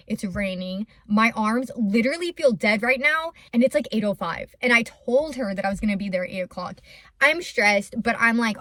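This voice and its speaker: A young woman who runs a massage business tells a story in a chatty, animated way, with many fillers. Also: mid-range voice, moderate pace, no echo. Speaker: lymphatic massage business owner. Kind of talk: casual storytime vlog.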